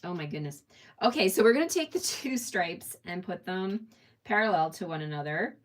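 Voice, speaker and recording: A woman's voice: on the low side, expressive, moderate pace. A woman teaching a live online papercraft class, chatting through each step and checking in with her viewers. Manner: chatty, encouraging, laughs at her own slips; checks in often with "okay?". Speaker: papercraft instructor.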